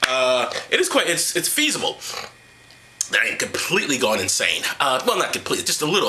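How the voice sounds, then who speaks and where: A man's voice: mid-range voice, very animated, fast talker, bright, forceful tone, slight background noise. A man hosting a solo commentary, reading verses aloud and mocking them with irreverent, sarcastic asides. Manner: mocking, irreverent, with exaggerated sighs and hums. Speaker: host of an atheist commentary series.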